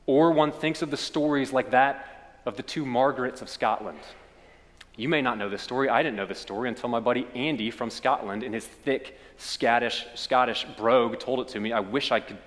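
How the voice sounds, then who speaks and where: Kentucky preacher in a reverberant sanctuary. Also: male voice, medium pitch, moderate pace. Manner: storytelling preacher, swells then drops to quiet. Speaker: pastor. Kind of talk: sermon.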